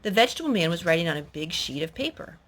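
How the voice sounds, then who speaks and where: A woman at home reading a picture book aloud to her child, in a gentle, animated storytelling manner. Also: fairly low pitch, fast talker, husky. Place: at home indoors.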